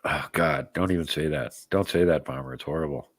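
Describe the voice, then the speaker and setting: A man's voice: extremely low pitch, a little fast, no echo. A man hosting a live show in casual chat, rambling and joking as he answers viewers' comments by name. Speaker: podcast host.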